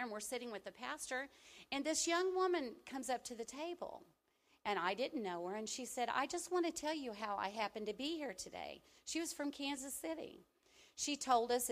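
A middle-aged woman from the American Midwest delivers a sermon in a conversational, storytelling way. She swings between loud, emphatic bursts and soft asides to her congregation. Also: medium pitch. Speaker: preacher. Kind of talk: sermon with personal testimony.

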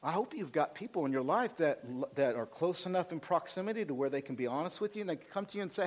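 A male pastor preaching a sermon, calling for amens and swinging from hushed, slow points to rising fervor. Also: a little high, animated.

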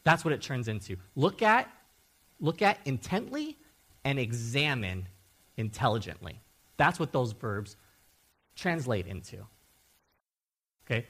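Preaching as a Bible teacher, a man with a mid-range voice speaks unhurriedly and pauses often. He's animated and emphatic, repeats key words, and regularly asks "okay?".

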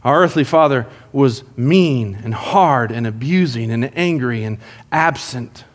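A man preaching a sermon, telling stories in an animated way and acting out the people in them. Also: mid-range voice, measured pace. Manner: animated storytelling, acts out prayers. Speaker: pastor.

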